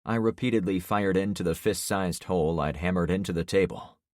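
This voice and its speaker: A man reading a thriller audiobook in scripted first-person narration, tense and measured. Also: low voice, darkish tone, no room sound, clean studio sound.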